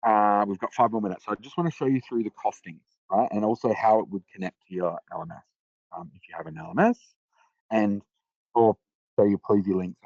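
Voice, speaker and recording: A man presenting a live software demo on a webinar, talking casually with lots of fillers and restarts. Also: lowish voice, fairly quick, gravelly, no echo, dull audio.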